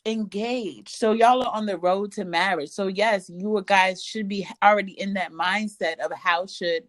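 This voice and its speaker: A woman's voice: mid-range voice, a little slow, no room sound. A woman co-hosting a podcast, recapping a reality show in casual chat and acting out what the cast members say. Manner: animated, acts out cast members' lines. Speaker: podcast co-host.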